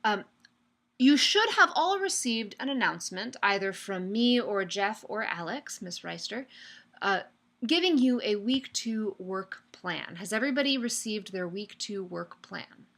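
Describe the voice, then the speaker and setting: A woman's voice: mid-range voice, animated, unhurried, a bit bright. A young woman teaching a live online class in an upbeat, chatty way, calling on students by name. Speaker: online course instructor.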